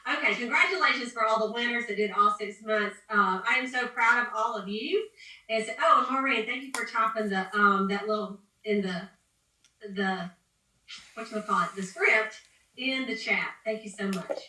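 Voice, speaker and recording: A woman's voice: fairly high pitch, normal speed, sharp tone. A woman leading a motivational sales training call, upbeat, preachy and rambling. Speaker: sales team leader. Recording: echoey room, distant from the mic.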